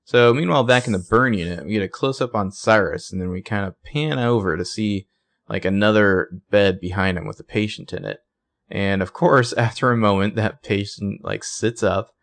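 Man, low pitch, gravelly, casual recap chat, podcast co-host. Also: moderate pace, no echo. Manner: animated, acts out characters' lines in higher voices.

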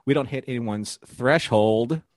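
A man's voice: mid-range voice, unhurried, no room sound, clean studio sound. A man co-hosting a live podcast, chatting playfully and recapping an episode with puns and laughs. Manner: playful, jokey, laughs at his own puns. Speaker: podcast co-host.

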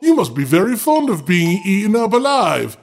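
A man voicing a haughty yellow dwarf. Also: high-pitched, big pitch swings, moderate pace, faint music behind. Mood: smug. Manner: disdainful, smug. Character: small ugly yellow-faced male dwarf, smug and haughty.

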